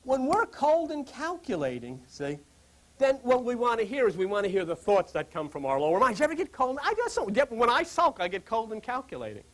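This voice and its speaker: A man's voice: high-pitched, sing-song, fairly quick, fairly bright tone, low-quality recording. A man giving an informal spiritual lecture to a small group, rambling, chuckling through joking asides and putting questions straight to his listeners. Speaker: spiritual teacher.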